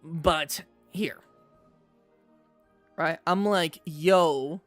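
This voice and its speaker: A man streaming, telling a personal story to his chat in a casual, animated way, often checking in with "right?". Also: sits high, moderate pace, faint music behind. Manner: animated storyteller, repeats himself, says "right?" a lot.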